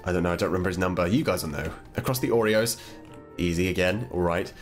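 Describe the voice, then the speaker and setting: A man's voice: low voice, quick pace, soft background music. An English man hosting a gaming channel, chatting playfully and babbling to viewers as he plays through a game. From England. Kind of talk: let's-play game commentary.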